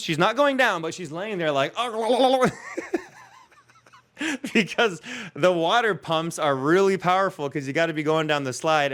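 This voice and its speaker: Smooth-voiced man spinning comic stories. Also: a little high, fairly bright tone. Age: 30s. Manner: self-mocking, chuckles through his own stories. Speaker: comedy podcast host. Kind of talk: rambling comedic storytelling.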